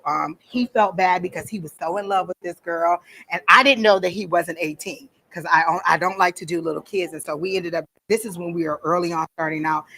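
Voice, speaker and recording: A woman's fairly low voice carries a fairly bright tone as she teaches a workshop in a psychic fair's event room. Casual and blunt, she acts out the voices she quotes.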